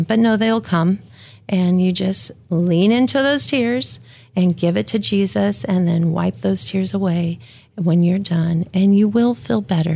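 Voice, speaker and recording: A widowed woman giving a gentle, reflective devotional talk about grief and faith, speaking plainly with occasional fillers. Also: lowish voice, vocal fry, husky. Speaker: widow sharing her faith.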